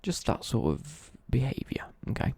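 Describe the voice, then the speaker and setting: A man's voice: medium pitch, very animated, normal speed, gravelly, a little mellow, slightly rough, no echo. A young man, chatting casually on a live stream, rambling, correcting himself and swearing lightly as he answers viewer questions. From East Midlands, England.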